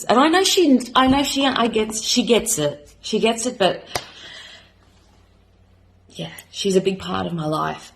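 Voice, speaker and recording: A woman in her thirties with an Australian accent introduces herself as a new beauty vlogger, rambling and heartfelt, halting and full of fillers as she nears tears. Her voice is lowish, and the recording is rough.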